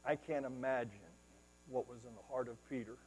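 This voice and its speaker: A male preacher delivering a sermon, retelling scripture as dramatic storytelling, rising to loud exclamations and dropping to hushed asides. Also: mid-range voice, steady tone, fairly quick, big-room sound, slight background noise, poor audio.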